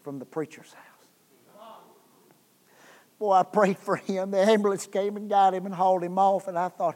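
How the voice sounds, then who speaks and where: A man preaching a revival sermon as guest preacher, telling a story that swings from hushed tones to loud bursts, with repeated words. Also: high-pitched, fairly even intonation, moderate pace, long pauses. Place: church sanctuary. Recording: long hall reverb.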